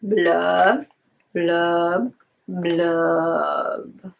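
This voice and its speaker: A woman's voice: on the high side, expressive, unhurried, a bit bright. A woman voicing a glum, gloomy male fish in a storybook, chanting his mopey rhyme with pouty blubs.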